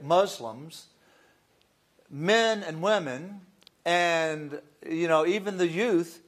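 Folksy priest giving a lecture. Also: male voice, on the high side. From Florida. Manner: folksy and digressive, with asides and fillers. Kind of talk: academic lecture.

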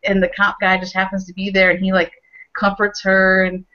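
A woman co-hosting a casual podcast chat, retelling scenes in an animated way with lots of fillers and restarts. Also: medium pitch, normal speed. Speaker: podcast co-host. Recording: dull lo-fi podcast audio.

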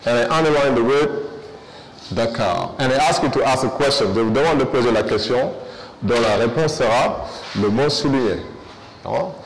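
A man's voice: mid-range voice, normal speed, big-room sound, a little hiss or hum, low-quality recording. A man teaching an English review lesson, switching between English and with frequent fillers.

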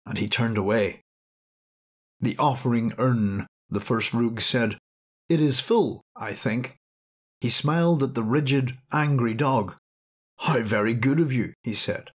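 Husky man reading a story aloud. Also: medium pitch. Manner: dramatic storytelling, acting out cries. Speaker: audiobook narrator. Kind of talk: scripted narration.

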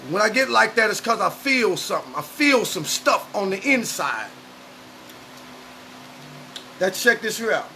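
A man preaches to camera with a very high, sharp, gravelly voice that often rises to a shout. He talks loud and emotional. A faint hiss sits under the recording. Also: big pitch swings, moderate pace. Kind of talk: fiery street sermon to camera. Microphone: camera mic, speaking to camera.

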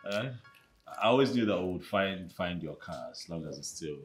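A man's voice: sits low, expressive, moderate pace. An actor with a Nigerian accent playing an easygoing, generous man who chuckles as he reassures a woman about her car. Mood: reassuring. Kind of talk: Nollywood film acting. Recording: echoey room with music underneath.

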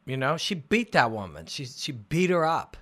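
Man, livestream host, casual chat, rambling, lots of ums, lively pitch, bright tone. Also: moderate pace. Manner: excitable, rambling, lots of fillers. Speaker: MMA analyst and show host. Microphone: phone and computer livestream.

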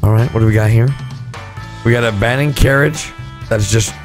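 A young man commentating on gameplay clips with excited outbursts and shouts. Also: mid-range voice, a little fast, music in the background. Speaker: gaming commentator.

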